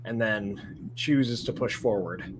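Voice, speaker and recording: A man's voice: fairly low pitch, slow, noisy background. A man in casual watch-party commentary, thoughtful and fond of telling stories, laughing often.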